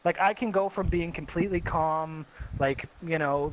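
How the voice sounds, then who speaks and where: A man hosts a casual chat in a fairly high voice at normal speed with hardly any pauses. He reflects on himself emphatically, repeating his points. The recording is dull and lo-fi with a faint hiss.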